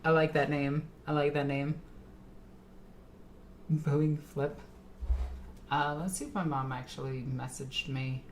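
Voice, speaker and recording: Low-voiced giggly woman streamer. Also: fairly even intonation, slow pace, pauses often, slight background noise. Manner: rambling, giggly, laughs often. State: tipsy. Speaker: streamer reading chat. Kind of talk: casual livestream chat.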